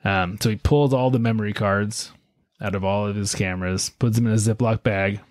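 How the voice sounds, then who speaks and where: A man hosting a podcast, telling a story in a relaxed, chatty way with lots of fillers. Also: fairly low pitch, brisk, dry recording, studio quality. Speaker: podcast host. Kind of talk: casual storytelling chat.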